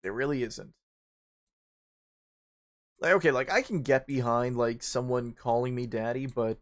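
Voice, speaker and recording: Speaking a little slowly and pausing often, a young man rambles through a personal anecdote as he streams a game. He swears freely in the casual chat. To act out panic, his voice jumps into high, squeaky bursts.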